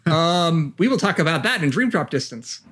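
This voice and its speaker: A man's voice: a little high, very animated, moderate pace, fairly bright tone, breathy edge. A man co-hosting a casual gaming podcast, sardonic and swearing freely. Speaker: podcast co-host.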